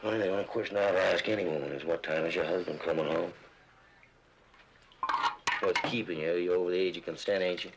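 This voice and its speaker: A brash, cocky man, played by an actor, making crude, teasing passes. His voice is very deep and he talks quickly. Faint clatter and noise sit behind him. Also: steady tone, natural voice.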